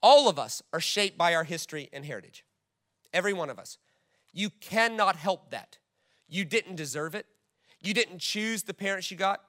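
Bright high-voiced male preacher. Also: lively intonation, normal speed. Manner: emphatic preaching, reads scripture aloud. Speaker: pastor. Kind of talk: sermon.

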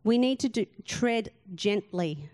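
Aussie lady pastor preaching, earnest and emphatic, mid-pitched voice. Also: animated, slow pace, darkish tone. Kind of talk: sermon.

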